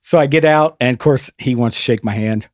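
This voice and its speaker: A man's voice: mid-range voice, fairly quick, no room sound, studio quality. A man hosting a podcast, telling an awkward story in a casual, self-mocking way and laughing easily. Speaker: podcast host.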